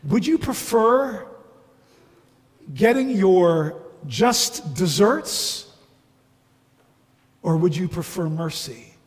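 Slow, earnest preacher in a reverberant hall. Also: male voice, high voice, lively intonation. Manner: earnest, rhetorical questioning. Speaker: pastor. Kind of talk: sermon.

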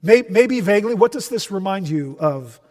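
Emphatic high-voiced male pastor in a hall. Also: expressive, moderate pace. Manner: emphatic, swings between loud and soft. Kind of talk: sermon. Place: church.

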